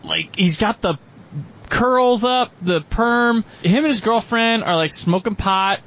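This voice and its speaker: A man co-hosting a casual movie podcast, recounting film scenes with lively, playful delivery. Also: sits high, slow pace. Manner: animated storyteller who acts out film scenes. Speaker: podcast co-host. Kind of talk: casual movie-review chat. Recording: dull lo-fi sound.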